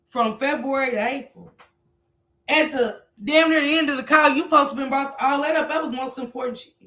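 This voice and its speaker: Blunt, bright-voiced woman in her forties. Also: sits high. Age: 40s. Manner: blunt, profane and emphatic. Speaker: commentary livestream host. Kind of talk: reaction commentary.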